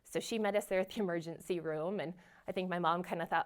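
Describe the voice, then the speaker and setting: A woman's voice: on the low side, steady tone, fast. A woman giving a personal faith testimony, earnest and storytelling, with frequent fillers and small laughs. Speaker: guest sharing her testimony.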